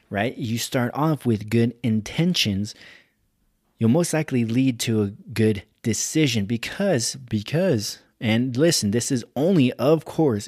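A motivational podcast host speaks with energy, hyping up and pumping up his listeners. His voice sits in the mid range, recorded with studio quality and no room sound.

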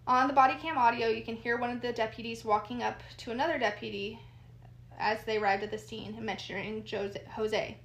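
A woman's voice: on the high side, brisk. Woman recounting a case in an echoey room. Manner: steady storyteller reading out quotes. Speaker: podcast co-host. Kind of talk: reading case notes in true crime chat.

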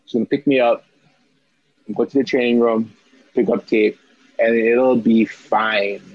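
A young athletic trainer tells a story about himself in animated bursts, stammering and acting out his own panicked lines. His voice is medium-pitched and a little slow, and the recording is muffled with no room sound.

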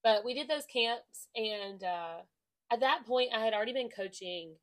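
A young woman in casual podcast chat, upbeat and chatty, leaning on "like" as she talks. Her voice sits a little higher than most women's. She laughs easily between thoughts. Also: lively intonation, moderate pace, fairly bright tone. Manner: upbeat, chatty, many "like" fillers, laughs often. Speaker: podcast co-host and interviewee, cheer coach.

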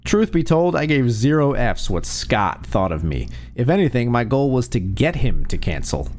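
A man narrating an online revenge story in a scripted, expressive storytelling read. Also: mid-range voice, moderate pace, hardly any pauses. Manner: lively, expressive storytelling reading.

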